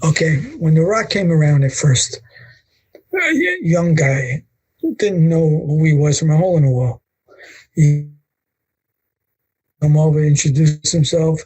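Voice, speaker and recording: An older man, his voice a touch high and husky. He recounts anecdotes in an interview, acting out what others said with lively energy. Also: unhurried, long pauses, poor audio. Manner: animated storyteller acting out quotes. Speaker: guest, wrestling photographer. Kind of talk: storytelling interview.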